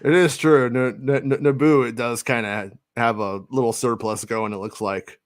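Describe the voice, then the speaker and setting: A man hosting a casual podcast chat, animated and swearing casually, who also reads out news items. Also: medium pitch, normal speed, dry recording. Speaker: podcast host.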